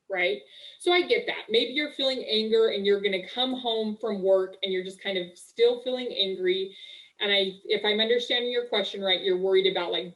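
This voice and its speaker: A young woman working as a marriage coach, talking casually and warmly on a live webinar, full of "like" and "okay", speaking through a video call mic. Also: medium pitch, rough recording. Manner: chatty, upbeat, full of "like" and "okay".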